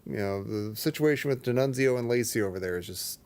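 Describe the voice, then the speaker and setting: A man's voice: medium pitch, a little fast, darkish tone, clean tone. A man co-hosting a casual film podcast, joking, laughing often and trailing off into restarts. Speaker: podcast co-host. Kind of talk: casual chat.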